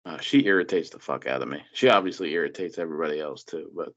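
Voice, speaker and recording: A man in casual political chat, mocking and profane, with animated impressions. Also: deep voice, quick pace, hardly any pauses. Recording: dull lo-fi sound.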